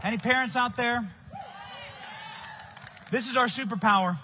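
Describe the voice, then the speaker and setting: Give me a young male conference speaker with a loud, emphatic delivery and a sharp, bright voice. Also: very high-pitched, moderate pace, a faint crowd, a little hiss or hum. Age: young adult. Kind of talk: political rally speech. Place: conference stage.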